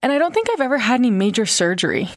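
A woman's voice: fairly high pitch, very animated, rapid-fire. A woman in her twenties who sounds congested and nasal from a broken nose, chatting candidly and casually as a podcast host, with plenty of fillers and swearing. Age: 20s. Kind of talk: casual chat.

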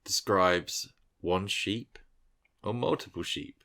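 Low bright-voiced host. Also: male voice, slow pace, creaky. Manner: playful, steers the topics. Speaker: podcast host. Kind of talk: casual chat.

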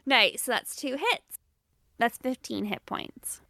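Player, female, bright and crisp, excitable, dry close mic. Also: a little high, slow pace, no echo. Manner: excitable, heavy use of like. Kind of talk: casual tabletop play.

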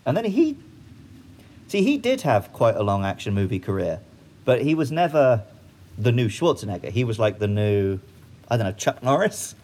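A man's voice: medium pitch, big pitch swings, normal speed, darkish tone. A man co-hosting a casual podcast, laughing often. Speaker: podcast co-host. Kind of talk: casual chat.

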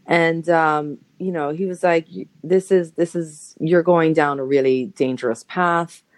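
Chatty woman with a low voice, dry sound. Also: a little slow, dry recording. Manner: emotional, chatty, full of "you know" fillers, lively quoted voices. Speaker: interview guest. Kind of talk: personal story in a podcast interview. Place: Los Angeles.

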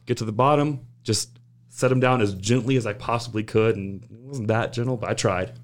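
A man casually telling an animated, profane story about his old job, acting out other people's lines as he goes. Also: mid-range voice, brisk. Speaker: guest recounting work stories.

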